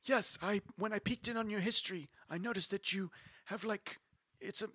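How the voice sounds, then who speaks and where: A man runs a tabletop game as game master, speaking in character with a playful, giggly manner and tripping over his own words. His voice sits high and bright with a husky edge. It is recorded close and dry. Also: normal speed, no room sound.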